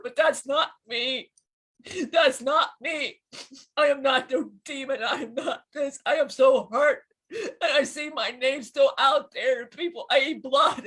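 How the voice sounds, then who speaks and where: A woman channeling a fallen male archangel, speaking tearfully and haltingly through crying in a spiritual session. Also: high-pitched, fairly bright tone. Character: grieving fallen male archangel, hurt and furious.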